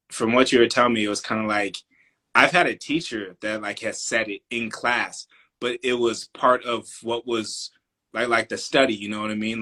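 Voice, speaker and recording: A man's voice: on the low side, sharp tone. A man co-hosting a casual podcast, cutting in with loose, profane remarks. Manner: loose, profane, quick interjections. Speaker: podcast co-host. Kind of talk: casual opinion chat.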